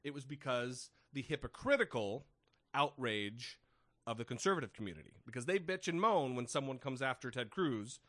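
A man's voice: medium pitch, expressive, normal speed, fairly bright tone, no room sound, clean studio sound. A man co-hosting a podcast in casual, opinionated chat, blunt, sarcastic and profane as he rants. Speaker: podcast co-host.

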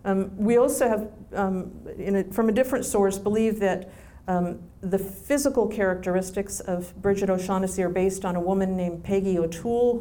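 A woman answering audience questions in a chatty, relaxed way, with frequent ums and restarts. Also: medium pitch. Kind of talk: casual Q&A answers.

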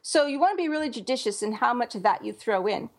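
A woman with a fairly high voice co-hosts a casual podcast about writing. She talks in a chatty, loose way, circling back with fillers and restarts as she works out her points. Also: animated, fast. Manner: chatty, thinks aloud with many fillers and restarts. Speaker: podcast co-host, writer.

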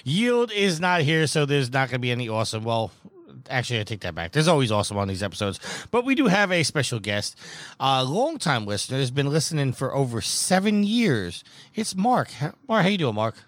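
A man's voice: mid-range voice, sing-song, a little fast, fairly bright tone, no room sound. A man hosting a casual gaming podcast, teasing his co-hosts with a showman's flair and a New York accent. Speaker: podcast host.

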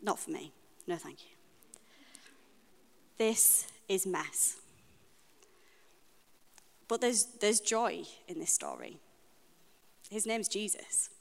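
A woman with a British accent giving a sermon in a church, speaking in an earnest, personal and reflective way with frequent pauses. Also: mid-range voice, lively intonation, vocal fry. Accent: British English. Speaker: preacher. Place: church hall. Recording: long reverb of a church hall.

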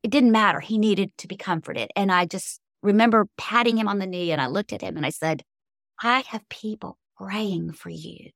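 A woman's voice: mid-range voice, fairly quick, few pauses, no echo. Middle-aged lady telling emotional faith stories, earnest, dry sound. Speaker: guest, author. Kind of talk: faith-based interview storytelling.

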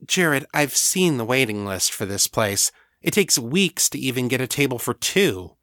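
A man's voice: mid-range voice, big pitch swings, unhurried, pushed and bright, no room sound, clean studio sound, voice pushed up. A man voicing a wry, guarded young androgyne woman in an audiobook, lifting his voice as he reads her. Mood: teasing. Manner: teasing, raised voice.

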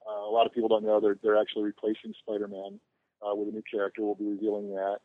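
A man's voice: fairly low pitch, sing-song, rapid-fire, vocal fry, no echo. Joking storyteller man over a phone line. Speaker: podcast guest, convention organizer. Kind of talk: casual podcast chat.

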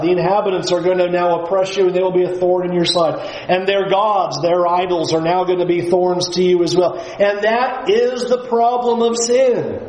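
A man with a fairly high voice teaches a Bible lesson, leaning hard on his points. He acts out the voices of the people he quotes. His voice rings in an echoey room. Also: darkish tone.

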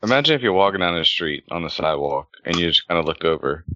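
A man's voice: deep voice, expressive, fast talker, pushed and bright, a little hiss or hum. A man co-hosting a podcast, cracking mocking jokes and introducing the hosts. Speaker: podcast co-host. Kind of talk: casual chat and joking host introductions. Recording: dull dry lo-fi mic.

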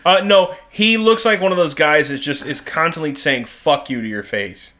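A man's voice: fairly high pitch, moderate pace, pushed and bright. A man co-hosting a podcast in casual chat, swearing freely and laughing often. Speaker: podcast co-host.

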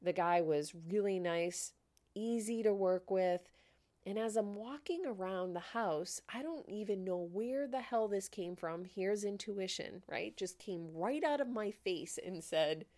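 A woman hosting a podcast, telling a story in a casual, animated way and acting out the dialogue. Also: mid-range voice. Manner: animated, laughing, acts out quoted dialogue. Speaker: podcast host.

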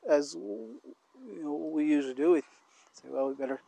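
A man's voice: on the high side, animated, gravelly, dark tone, dry recording. A man chatting casually about faith and love, rambling and restarting often as he talks while walking outdoors. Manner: rambling, halting with many restarts. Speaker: co-host.

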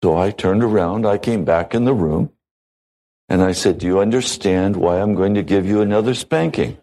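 A man preaching a sermon as a pastor, measured and deliberate, with long pauses between phrases. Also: on the low side, dark tone, rough recording.

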